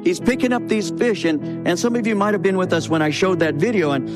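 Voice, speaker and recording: A male pastor delivers an earnest sermon, doubling back on words as he builds his point. His voice sits high for a man. The sound carries a long hall reverb, with faint music underneath. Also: brisk. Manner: earnest preaching with repeated words and restarts.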